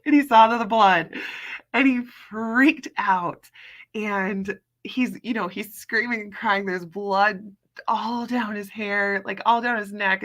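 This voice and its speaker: A woman's voice: medium pitch, pushed and bright. A woman in her thirties, hosting a casual chat show and telling stories in a chatty way with lots of fillers. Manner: chatty, storytelling, many fillers. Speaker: podcast host.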